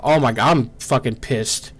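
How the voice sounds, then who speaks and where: A man's voice: medium pitch, a bit bright, slight background noise. Exasperated man swearing through gameplay. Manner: frustrated, swearing, repeating "no" rapidly. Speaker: gameplay streamer. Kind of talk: live gameplay commentary.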